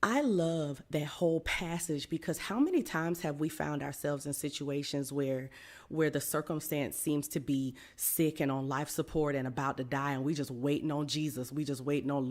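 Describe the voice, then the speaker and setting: Podcast host, woman, low voice, chatty Bible teaching, acts out the quotes, earnest and encouraging. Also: normal speed. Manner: animated storyteller, acts out quotes; pleading, encouraging.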